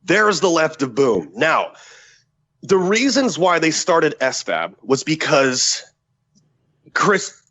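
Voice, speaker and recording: A man's voice: fairly high pitch, slow, long pauses, rough recording. A man, a former special forces soldier and podcast guest, telling a story in casual, profane talk and acting out the quotes. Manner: profane, animated, acts out quotes.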